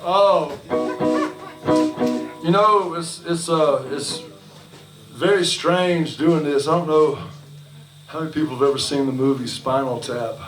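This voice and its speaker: Between songs at a restaurant venue, a bandleader and singer-songwriter tells a loose, rambling story, chuckling and swearing freely. His voice is a little high and unhurried, with long pauses, heard over music from far off in an echoey live room.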